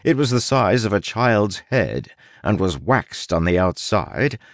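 A man narrating an audiobook in a wry manner, with dramatic pauses and stretched emphasis. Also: lowish voice, sing-song, no echo, clean studio sound. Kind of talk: scripted narration.

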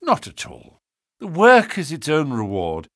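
Brief: a male reader voicing a composed, theatrical detective, precise and lively. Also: fairly high pitch, a little slow, dry recording, clean studio sound, full character voice. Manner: calm, precise, faintly pompous.

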